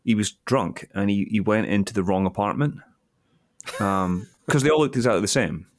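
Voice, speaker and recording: A man's voice: fairly low pitch, normal speed, no room sound. A Scottish man co-hosting a podcast, chatting casually with jokes and frequent swearing. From Scotland. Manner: loose, joking, swears freely. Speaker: podcast co-host.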